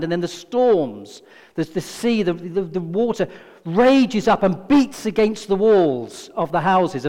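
A man delivering a sermon, his voice sitting high and carrying a long hall reverb. He retells scripture with lively storytelling, voicing the characters and repeating key phrases for emphasis. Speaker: preacher.

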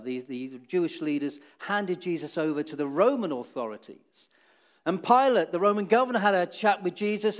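A man preaching a children's talk in church, telling the story with many restarts and swinging between dramatic rises and hushed, solemn drops. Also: sits high.

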